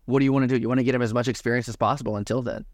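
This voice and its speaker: A man hosting a motor-racing podcast in casual chat. He is animated, swears freely, and laughs often. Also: mid-range voice, very fast, no echo, studio quality. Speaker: podcast host.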